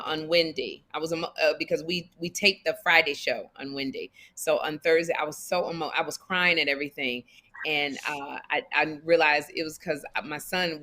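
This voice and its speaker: A woman's voice: sits low, bright, forceful tone. A woman co-hosting a podcast, chatty and emphatic in casual conversation. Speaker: podcast co-host.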